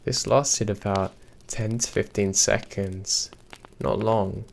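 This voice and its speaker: A man reading true scary stories aloud in a steady, even storytelling delivery. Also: fairly low pitch, takes it slowly, vocal fry, a little hiss or hum. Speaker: horror story narrator. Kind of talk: scripted narration.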